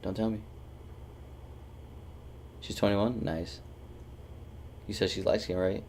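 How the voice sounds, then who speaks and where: A man's voice: on the low side, fairly even intonation, takes it slowly, gravelly, a little mellow, a little hiss or hum. A man streaming a game, chatting casually and teasing his friends with loose, swearing banter. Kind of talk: casual gaming stream chat.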